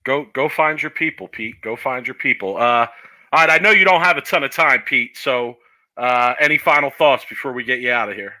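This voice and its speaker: A man's voice: medium pitch, brisk, sharp tone, rough recording. A man hosting a casual comedic podcast, loose and playful, with lots of fillers as he interviews a guest. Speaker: podcast host.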